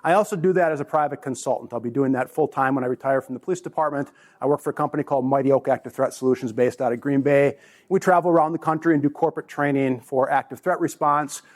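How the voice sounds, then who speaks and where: A man's voice: medium pitch, quick pace. A man in his forties, a conference presenter, speaking casually and jokingly to a live audience in a meeting room. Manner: chatty, joking, with restarts.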